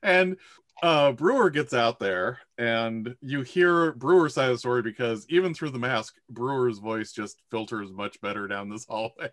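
A man's voice: medium pitch, moderate pace, fairly bright tone, no echo, studio quality. A man narrating a tabletop game as game master, rambling with fillers and laughing often.

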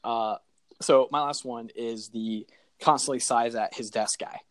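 A man's voice: medium pitch, steady tone, measured pace, heavy background noise. A young man co-hosting a casual podcast, rambling with lots of hesitant fillers. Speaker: podcast co-host.

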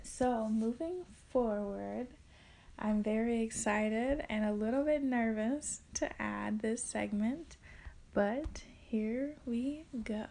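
A woman hosting a wellness talk in a hushed, often whispered voice, speaking frankly and swearing casually. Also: a little high, gravelly. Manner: frank and profane, slow and reflective. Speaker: podcast host. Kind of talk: soft-spoken wellness talk.

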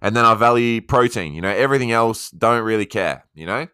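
A man's voice: fairly low pitch, a little fast, pushed and bright, clean tone, no echo, clean studio sound. A man with an Australian accent hosting his own solo podcast in a chatty, casual way, sometimes voicing his listeners' questions back to himself. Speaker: podcast host.

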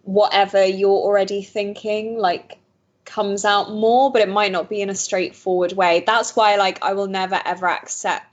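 A woman co-hosting a podcast in casual chat, animated and laughing often as she tells stories. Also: mid-range voice, normal speed, highs cut off.

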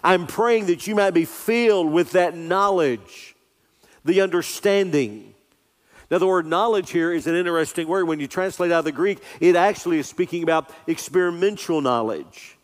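A man preaching an earnest, emphatic sermon as a pastor, slowing down to stress scripture. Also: sits high. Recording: long reverb of a large hall.

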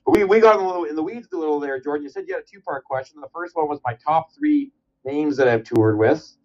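A man's voice: a little high, big pitch swings, fast. Profane storytelling man on a muffled line. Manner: rambling, profane, acts out voices of people in his stories. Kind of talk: casual storytelling in a podcast interview.

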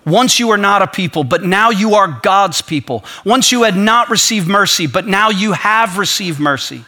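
A man's voice: sits high, animated, normal speed, bright, forceful tone. A man preaching a sermon as pastor, reading scripture and growing impassioned as he builds his point.

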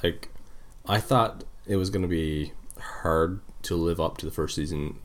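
Deep-voiced guy rambling thru a film review, lots of ums, swears a bit. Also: unhurried. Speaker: podcast co-host. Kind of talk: casual chat reviewing films and shows.

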